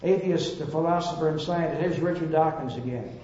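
An earnest man preaches a Bible-teaching sermon, pressing his points and sometimes stumbling into restarts. His voice sits a touch high but mellow. The sound is boomy and echoing, with a dull lo-fi edge. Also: brisk. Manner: earnest, emphatic, occasional stammered restarts.

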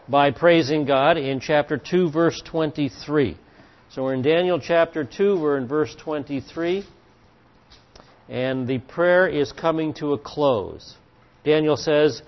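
A man teaching a Bible study class, speaking in a measured, halting way with fillers and restarts. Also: fairly high pitch. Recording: dull lo-fi recording.

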